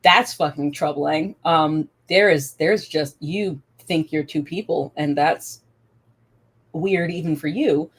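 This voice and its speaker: A woman's voice: low-pitched, slow pace, husky. A young adult woman narrating her character's actions in a tabletop game, rambling and laughing with lots of fillers. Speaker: player.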